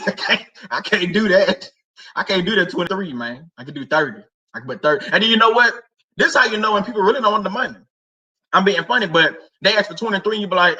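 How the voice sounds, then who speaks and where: A man with a high, very bright voice talks casually to his livestream audience. He jokes, laughs often and repeats himself in loose slang. The mic sits at some distance from him. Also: expressive, quick pace, highs cut off. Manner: laughing, joking, slangy and repetitive. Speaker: host of a faith livestream. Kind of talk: casual livestream chat to viewers.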